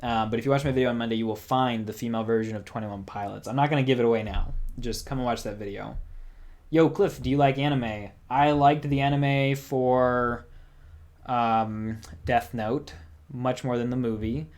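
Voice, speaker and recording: A man's voice: medium pitch, fairly even intonation, normal speed, darkish tone. A young man hosting a casual music livestream, rambling in a chatty way and reading out viewer comments. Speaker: music channel host.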